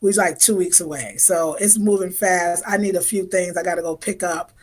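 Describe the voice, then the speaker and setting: A woman's voice: fairly low pitch, moderate pace. A woman in her fifties hosting a casual livestream, chatting and greeting viewers in an effusive, slangy way. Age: 50s. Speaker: livestream host. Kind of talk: casual livestream chat reading viewer comments.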